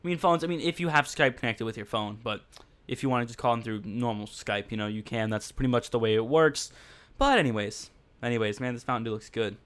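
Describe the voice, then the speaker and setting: Addressing viewers head-on, a livestream podcast host rambles with lots of fillers in a blunt, mocking tone. His smooth, clear voice is mid-range, quick, and fairly bright.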